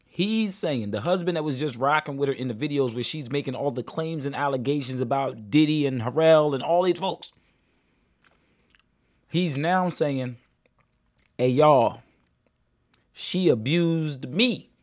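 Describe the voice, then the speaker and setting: Male host for casual commentary, mid-pitched, addresses viewers directly, repeats himself. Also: normal speed, no echo, studio quality. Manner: talks straight to viewers, repeats words, restarts.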